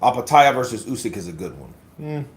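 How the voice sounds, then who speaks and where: A man's voice: medium pitch, expressive, fast. A man hosting casual boxing commentary on a livestream, blunt and profane, talking to his chat as bro.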